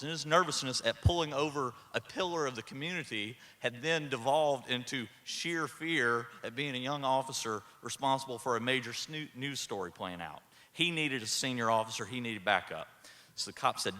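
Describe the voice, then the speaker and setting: Male keynote speaker, folksy humor, bright tone, echoey hall, podium mic. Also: mid-range voice. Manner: folksy storytelling with dry humor. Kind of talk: humorous commencement speech. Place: large ceremony hall.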